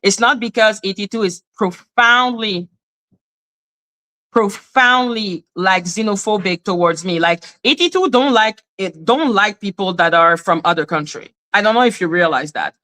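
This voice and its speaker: A woman's voice: mid-range voice, normal speed, sharp tone. Fired-up woman ranting on a livestream. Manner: indignant, profane ranting with repeated phrases. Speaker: livestream host. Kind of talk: heated live commentary. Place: in Canada.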